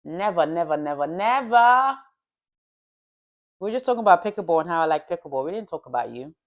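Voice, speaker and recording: A playful woman hosts a live stream, teasing and laughing as she chats. Her pitch bounces up and down as she talks. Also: big pitch swings, very fast, darkish tone. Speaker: livestream host. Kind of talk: casual chat.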